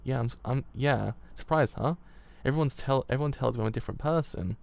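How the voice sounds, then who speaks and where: A man's voice: mid-range voice, fast, vocal fry, a little mellow, close to an everyday voice. A man with a British accent voicing a young woman who has turned vain and cruel, in a haughty, sneering way. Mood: boastful.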